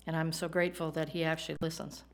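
Lower-voiced woman preaching a sermon. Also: level tone, fast. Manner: teaching, explains Hebrew words, tells jokes.

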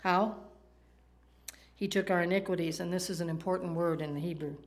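A woman's voice: fairly low pitch, fairly even intonation, a little fast. A woman preaching a sermon in a conversational way, often asking her listeners questions. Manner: conversational, asks the audience questions.

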